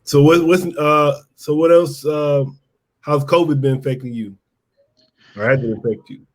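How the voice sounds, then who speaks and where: Chill guy hosting a podcast, slangy, slightly higher voice, laughs a lot. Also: normal speed. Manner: relaxed, slangy, laughs easily. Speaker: podcast host. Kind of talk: casual interview chat.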